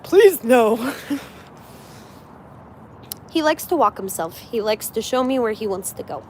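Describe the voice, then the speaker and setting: A woman's voice: a little high, lively intonation, unhurried, slight background noise. A young woman chatting casually on a livestream while walking her dog outdoors, slipping into baby talk with the dog. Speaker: livestream host. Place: outdoors, walking around a residential complex.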